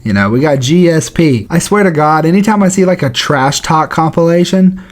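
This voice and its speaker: A man's voice: fairly high pitch, animated, moderate pace. A man hosting a casual video countdown, talking in a slangy, joking way. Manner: slangy and jokey. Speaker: YouTube host. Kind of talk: casual commentary.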